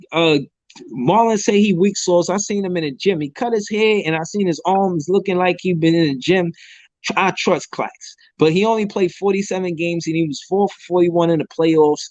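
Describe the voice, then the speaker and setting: A man's voice: high voice, no room sound, poor audio. Slangy man ranting about basketball. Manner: slangy, emphatic, repeats his points. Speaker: sports podcast host. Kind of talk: casual sports talk. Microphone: phone.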